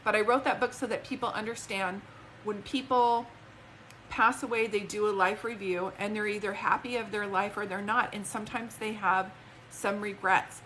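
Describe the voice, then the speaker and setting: A woman's voice: medium pitch, fairly bright tone, slight background noise. A woman working as a psychic medium on a live stream. She rambles with emotion, breaks off mid-sentence, and speaks both to an unseen spirit and to a viewer, into a phone.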